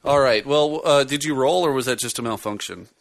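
A man's voice: mid-range voice, fairly quick, gravelly, no echo. A man hosting a casual podcast, joking and laughing often as he chats with his co-host. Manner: animated, laughs often, jokey.

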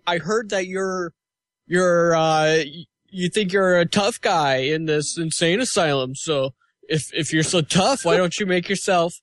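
A man's voice: fairly high pitch, a bit bright, no room sound. A man impersonating a brash TV ghost hunter. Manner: halting, taunting, full of stumbles.

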